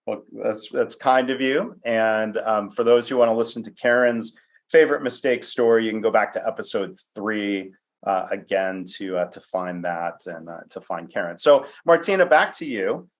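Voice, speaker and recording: A man's voice: fairly low pitch, moderate pace. A man hosting an interview podcast, chatty and self-deprecating, with frequent fillers. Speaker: podcast host. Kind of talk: conversational interview.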